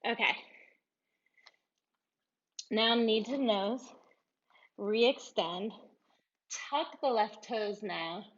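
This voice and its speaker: A woman guiding a yoga class, giving calm, encouraging cues and laughing now and then, sometimes a little out of breath. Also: mid-range voice, dull audio. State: out of breath at times. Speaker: yoga instructor.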